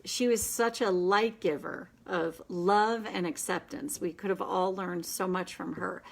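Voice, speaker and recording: Gentle gravelly-voiced woman coaching. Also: lowish voice, steady tone. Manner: earnest, gentle and encouraging, with quick asides. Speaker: inner child tapping coach, host. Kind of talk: casual talk to a live online group.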